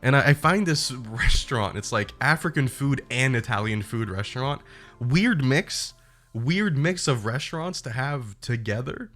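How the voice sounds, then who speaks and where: A young man streamer casually retelling a bad trip, animated and profane. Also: mid-range voice, measured pace, faint music behind. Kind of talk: casual storytelling.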